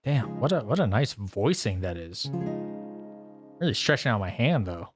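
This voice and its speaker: A man with a fairly low voice chats loosely on a stream, breaking off mid-sentence and laughing often. A guitar plays softly under his talk. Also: very animated, normal speed. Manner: rambling, self-interrupting, laughs often. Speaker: musician streaming a songwriting session. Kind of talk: casual chat while playing guitar. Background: guitar playing.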